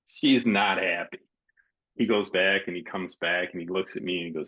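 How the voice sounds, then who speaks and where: A man's voice: low-pitched, moderate pace, highs cut off. A man hosting a casual interview, telling stories and acting out the voices of people in them. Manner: animated storyteller, acts out quotes. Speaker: podcast host.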